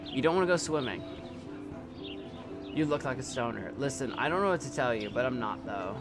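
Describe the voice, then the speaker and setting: A man's voice: mid-range voice, lively intonation, brisk, music in the background. A young man streaming a video game live, rambling casually and talking back at the screen and his chat. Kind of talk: live gameplay commentary.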